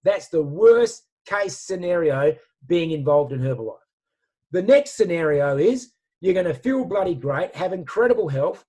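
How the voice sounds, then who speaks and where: A man speaks with lively, slangy enthusiasm, pitched a little high for a man. He sounds like a motivational speaker telling stories over a video call. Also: normal speed. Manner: animated, storytelling with slang. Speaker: guest speaker. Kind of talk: motivational talk.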